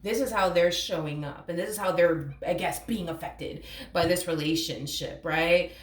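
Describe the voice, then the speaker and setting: A woman's voice: fairly low pitch, normal speed, distant mic. A woman giving a casual tarot reading to camera, blunt and emphatic. She repeats her points and calls the listener honey. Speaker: tarot reader. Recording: roomy echo, away from the mic.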